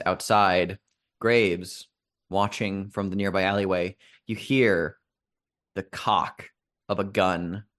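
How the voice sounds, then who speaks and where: A man serving as game master, narrating a tabletop role-playing game in a slow, deliberate storytelling manner with dramatic pauses. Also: low voice, a bit bright.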